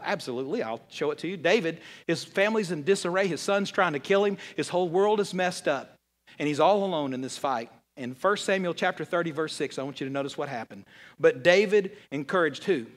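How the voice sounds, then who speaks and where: A man, preaching a sermon as pastor and swinging from hushed to loud, emphatic lines. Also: on the high side. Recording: long hall reverb.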